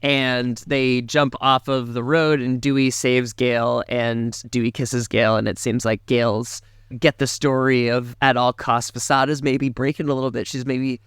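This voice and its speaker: Podcast co-host, male, animated casual recap, clean resonant voice, dry sound. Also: moderate pace, smooth, no echo. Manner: animated, jumps into high mocking impressions.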